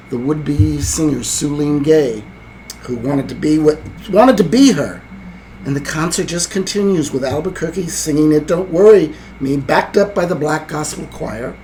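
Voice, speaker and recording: A man's voice, a little high and a little mellow, comes through a low-quality recording with some hiss or hum. As a podcast co-host in a casual film discussion, he relates the film's ending in a rambling, hesitant way full of fillers.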